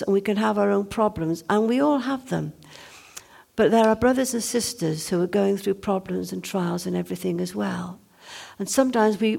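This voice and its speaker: Woman preacher, earnest sermon delivery, fry-heavy gravelly tone, mid pitch. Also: a little mellow. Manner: earnest, reads scripture aloud with slowed emphasis.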